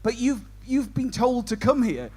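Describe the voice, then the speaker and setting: A man's voice: very high voice, sing-song, a little slow, a little mellow, breathy edge. A man compering a stand-up comedy show, doing cheeky banter with the audience. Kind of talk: crowd work stand-up.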